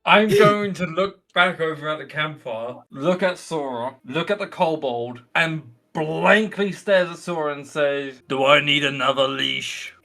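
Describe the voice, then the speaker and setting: A man's voice: on the high side, animated, unhurried, hardly any pauses, bright, forceful tone. A man playing a tabletop game who talks bluntly with wry quips. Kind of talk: casual game chat.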